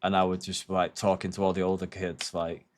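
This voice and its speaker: A man's voice: low-pitched, monotone, brisk. A man in his thirties chatting casually on a livestream, rambling and reflective with plenty of swearing.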